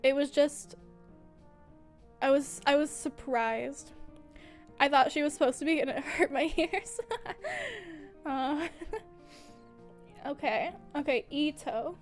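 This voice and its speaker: A young woman with a high, bright-sounding voice talks slowly and gushingly on a livestream, breaking into giggles mid-sentence. Faint music plays softly behind her. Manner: gushing, filler-heavy. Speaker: streamer. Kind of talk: casual livestream chat.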